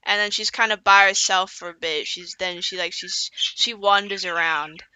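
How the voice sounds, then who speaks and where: A woman's voice: mid-range voice, steady tone, normal speed, pushed and bright, smooth, low-quality recording. A woman streamer telling a story on a casual stream, rambling and profane, with lots of fillers.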